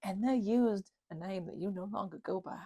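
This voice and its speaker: A woman's voice: medium pitch, dark tone. A woman playing a raccoon character in a tabletop game, playful and teasing. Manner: playful, teasing, quick to laugh. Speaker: player.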